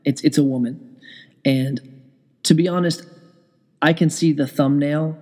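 A man's voice: fairly high pitch, steady tone, unhurried, darkish tone. A man telling a rambling, profane, self-deprecating story in a casual vlog, speaking from home. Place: indoors at home with TV on.

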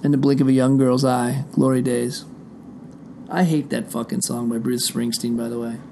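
A middle-aged show host talks directly to his listeners from an indoor room behind a closed door, in a rambling, profane, digressive monologue. His voice is medium-pitched, creaky, and dark, with a level tone, a moderate pace, and slight background noise.

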